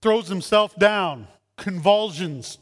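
A man preaching a sermon as a pastor, animated, acting out voices in his stories. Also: sits high, takes it slowly. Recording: long hall reverb.

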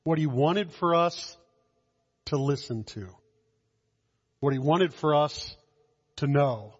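Guy preaching slow at communion, fairly high voice, big echoey church hall, kinda dull sound. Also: husky. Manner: slow, measured, with dramatic pauses and soft drops. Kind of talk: sermon.

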